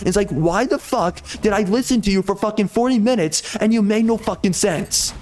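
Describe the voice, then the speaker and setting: A gaming streamer ranting furiously, swearing constantly and circling back to the same complaints. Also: male voice, sits high, normal speed, few pauses, darkish tone. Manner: mocks others in a put-on sugary tone. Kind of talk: angry profane rant.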